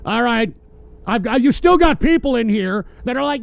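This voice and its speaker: High-voiced man ranting angrily. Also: animated, normal speed, gravelly, clean tone, no echo. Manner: angry, swearing, sarcastic. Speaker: host of a political call-in show. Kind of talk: profane political rant.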